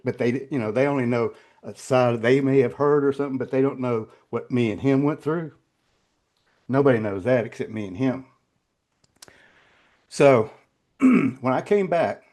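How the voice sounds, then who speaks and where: An older man recounts personal memories as an interview guest. His voice is mellow and warm, sitting at a middling pitch. He halts, repeats words and restarts, and turns quiet and choked when the stories get emotional.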